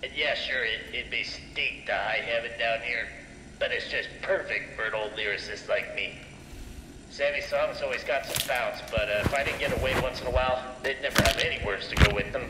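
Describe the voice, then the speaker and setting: A man's voice: mid-range voice, brisk, over music, lightly acted. An actor voicing an older male lyricist, a wry loner who talks in a folksy, rambling way. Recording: echoey game audio with hiss.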